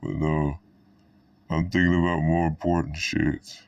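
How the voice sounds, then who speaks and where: A man with an extremely deep, flat voice rambles through a profane monologue. He keeps the delivery level and laughs between thoughts. The recording is dry, with the mic set back from him. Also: unhurried, distant mic, muffled recording. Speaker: vlogger.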